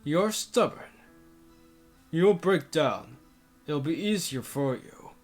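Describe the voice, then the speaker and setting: A man's voice: on the high side, animated, takes it slowly, soft background music. A man voicing Nero Chaos, a sneering vampire monster. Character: menacing male vampire monster, cold and sneering.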